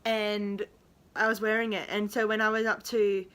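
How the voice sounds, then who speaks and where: A woman's voice: medium pitch, flat delivery, normal speed, a bit bright, smooth. A young woman telling a rambling, giggly storytime in a vlog, with lots of fillers. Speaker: vlogger.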